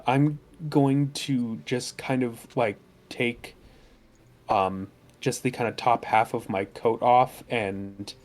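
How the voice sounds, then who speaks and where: A man playing a tabletop game, talking through his turn with many pauses and fillers. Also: mid-range voice. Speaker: player. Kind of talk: casual tabletop game chat.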